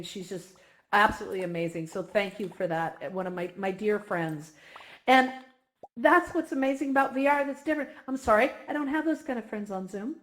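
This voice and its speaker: A woman giving a heartfelt, emotional talk to a virtual reality community, speaking effusively and close to tears at times. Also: medium pitch.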